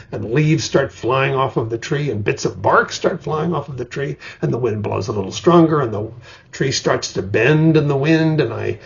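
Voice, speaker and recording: A man's voice: mid-range voice, gravelly, husky. An older man teaching screenwriting in an explanatory lecture, acting out vivid examples as he goes. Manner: vivid storyteller, acts out examples. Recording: dull lo-fi recording.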